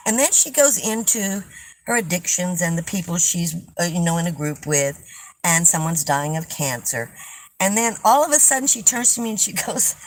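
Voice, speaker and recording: A woman's voice: lowish voice, animated, normal speed, a little hiss or hum, low-quality recording. A woman in her seventies, hosting a live stream and telling a story in a rambling, chatty way, laughing often. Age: 70s. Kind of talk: casual storytelling chat.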